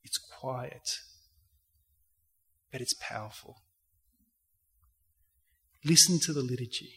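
Taking it slowly, an Australian interview guest with a mid-range, fairly bright voice shares an earnest account of his personal faith, often restarting. The recording has a reverberant hall sound.

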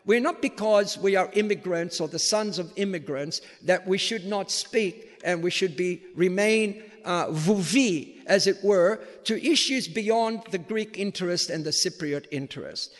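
High-voiced priest lecturing in a hall. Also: male voice, measured pace, hardly any pauses. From Australia. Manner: emphatic, asks the audience rhetorical questions.

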